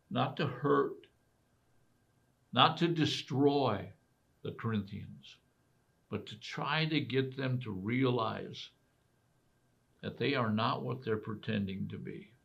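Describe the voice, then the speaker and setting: Slow gravelly-voiced male preacher. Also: on the low side. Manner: emphatic preaching with rhetorical questions. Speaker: pastor. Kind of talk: sermon. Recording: dull lo-fi recording.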